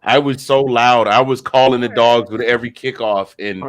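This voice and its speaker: A man in his fifties, an excited podcast guest, telling stories and acting out quotes, short on sleep. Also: mid-range voice, moderate pace. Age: 50s. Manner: animated storyteller who acts out quotes. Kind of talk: excited casual chat.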